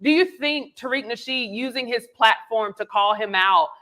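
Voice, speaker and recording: A man moderating a panel discussion, asking long, measured questions. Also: very high-pitched, bright, forceful tone.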